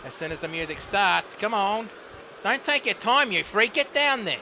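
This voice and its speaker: A man's voice: high voice, animated, normal speed, noisy background. A man with an Australian accent casually commentating a wrestling video game, chatty and self-correcting, muttering at the screen. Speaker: gaming streamer.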